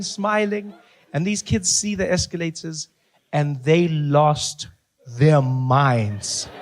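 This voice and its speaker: A man telling stand-up stories to a live audience, animated and acting out his characters. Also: sits high. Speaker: stand-up comedian. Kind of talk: stand-up comedy storytelling. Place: comedy venue with a live audience.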